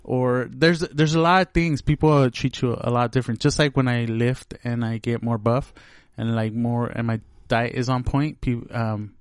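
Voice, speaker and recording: A man's voice: mid-range voice, fairly even intonation, moderate pace, clean tone, no echo, clean studio sound. A man co-hosting a podcast in casual chat, talking hesitantly and filling with "like" and "so". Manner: hesitant, full of "like" and "so". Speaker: podcast co-host.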